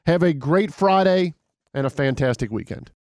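A man's voice: fairly high pitch, animated, darkish tone, dry recording, clean studio sound. Upbeat sports radio host, man. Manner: brisk, upbeat sign-off delivery.

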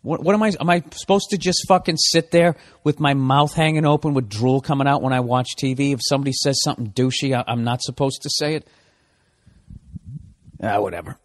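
A middle-aged man hosting a podcast, delivering a profane comedic rant that swings from loud outbursts to low mutters. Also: a little fast. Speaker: podcast host.

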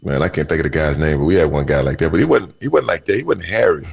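A man who is a former football player, guesting on a sports podcast, chatting casually and very animated, stumbling over repeated words and laughing often. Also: extremely low pitch, fast, creaky, breathy edge.

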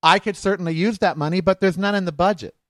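A man's voice: high voice, fast talker, dry recording. A middle-aged man hosting his own podcast, talking candidly and emotionally in a rambling personal monologue. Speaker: podcast host.

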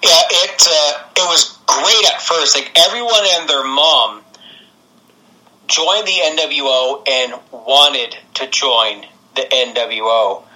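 A man's voice: mid-range voice, takes it slowly, sharp tone, low-quality recording. A man co-hosting a casual podcast, chatty and laughing often, with frequent restarts. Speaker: podcast co-host. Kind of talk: casual chat.

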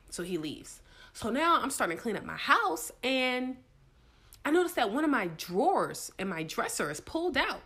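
A young woman tells a wild story to her co-host, cursing freely. Her voice sits a little high and leaps around a lot as she gets into it. The talk is loose and chatty. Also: normal speed. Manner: animated, profane, laughing storyteller. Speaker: podcast co-host. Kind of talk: casual storytelling chat.

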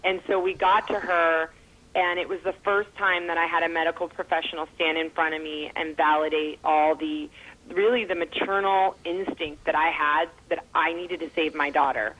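A middle-aged woman speaks as an interview guest, her voice sitting a little low. She tells a personal story earnestly, with feeling and the odd filler. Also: steady tone, moderate pace, a bit bright, poor audio. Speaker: guest, mother and foundation founder.

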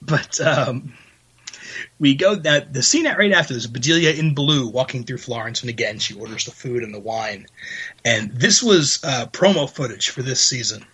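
A man recapping episodes in casual podcast chat, still sick and coughing. His voice is husky yet bright and forceful, and his remarks stay dry and understated. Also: mid-range voice, expressive, normal speed, lo-fi sound. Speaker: podcast co-host.

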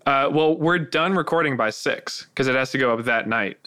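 A man's voice: medium pitch, normal speed, pushed and bright, smooth, no room sound, clean studio sound. Laid-back young man cracking jokes. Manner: laid-back, wisecracking, swears casually. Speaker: podcast co-host. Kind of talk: casual banter.

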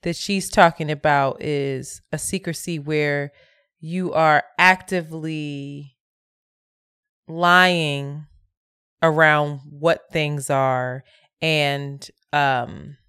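A woman co-hosting a podcast in casual chat, emphatic and playful, with quick asides. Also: low-pitched, fairly even intonation, fairly bright tone, clear, resonant tone. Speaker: podcast co-host.

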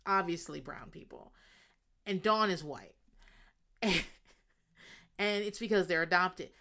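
A woman hosting a podcast, telling a reality show recap in a casual, animated way, acting out quotes and swearing freely. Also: on the low side, a little slow. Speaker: podcast host.

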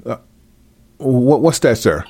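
A man's voice: medium pitch, animated, takes it slowly, gravelly, a little mellow, husky, dry recording, voice pushed down, heavily acted. A man voicing a hesitant male aide who stammers out reports to his boss.

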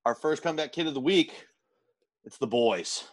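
A man's voice: medium pitch, expressive, normal speed, no room sound. Rambling man telling stories. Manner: rambling storyteller, filler-heavy, swears. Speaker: podcast co-host. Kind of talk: casual podcast chat.

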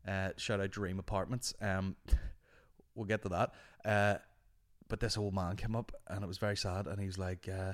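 Deep-voiced and speaking at a moderate pace, this Northern Irish man hosts a podcast, chatting casually and telling lively, meandering stories laced with swearing.

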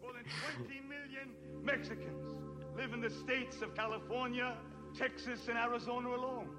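A man's voice: very high voice, steady tone, normal speed. An actor playing a hateful right-wing male villain, heard in a film clip. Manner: hateful speech-making. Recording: clip from a film soundtrack with music.

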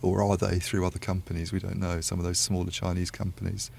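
A man with a very deep, gravelly voice talks in a flat, even way as he chats on a podcast. He thinks aloud and wanders through asides, and he sounds unhurried. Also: slight background noise. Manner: thoughtful, rambling with many asides. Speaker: podcast panelist. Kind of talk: casual analytical discussion.

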